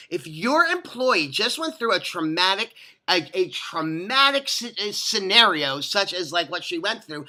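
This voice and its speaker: Adult vlogger, bright sharp voice, rambling rant, profane, digressive, lots of restarts. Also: mid-range voice, measured pace. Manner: animated, profane, digressive storytelling with many restarts.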